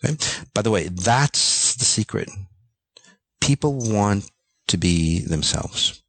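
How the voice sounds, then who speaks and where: Deep-voiced man ranting bluntly. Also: animated, slow pace, fairly bright tone, slightly rough, no echo. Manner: ranting, blunt, swears, many fillers. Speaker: self-help speaker. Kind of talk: unscripted motivational monologue.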